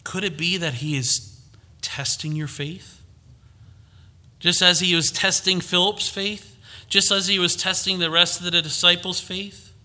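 A man's voice: sits high, steady tone, a little slow, pushed and bright. A man preaching a conversational sermon, reading scripture and rising to emphatic peaks.

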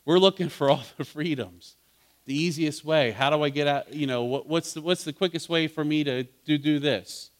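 A man leading a Bible study in an interactive sermon style. His voice sits a little higher than most. He talks casually with his listeners, asks them questions, and rises to fervent emphasis on key points. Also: normal speed. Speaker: pastor teaching a Bible study.

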